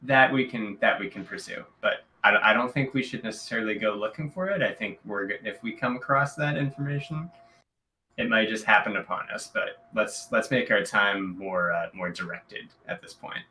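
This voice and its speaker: Bright-voiced man thinking aloud. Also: fairly low pitch, normal speed, a little hiss or hum, low-quality recording. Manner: thinks aloud, talking himself to a point. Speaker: tabletop game player. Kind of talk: casual chat over a game.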